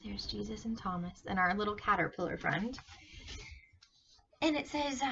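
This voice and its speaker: A woman teaching Sunday school, reading a Bible story to children in an animated, questioning way. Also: medium pitch, unhurried, gravelly, recorded from a distance, lo-fi sound, a little hiss or hum. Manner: animated, questioning, talks to kids directly.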